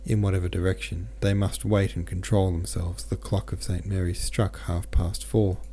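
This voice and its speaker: Low, dark-voiced male narrator. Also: normal speed, slight background noise. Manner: steady, with occasional self-corrections. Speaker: podcast host. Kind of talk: audiobook narration.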